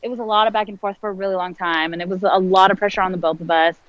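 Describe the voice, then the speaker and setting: A guest in her late twenties tells a personal story very fast in a mid-range, fairly even voice, candid and heavy with fillers while acting out others' dialogue. The recording is muffled with no room sound.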